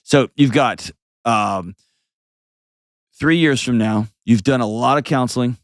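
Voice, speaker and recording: A man's voice: medium pitch, measured pace, no room sound, studio quality. A man hosting an advice call-in show, talking bluntly and painting vivid scenes as he coaches a caller. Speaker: host.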